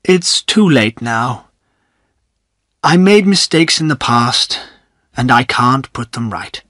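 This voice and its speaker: A man reading a storybook aloud and voicing a regretful gentleman who speaks sadly. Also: animated, slow, dry recording, clean studio sound, full character voice. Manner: low, sad. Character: regretful wealthy gentleman, sad and bitter.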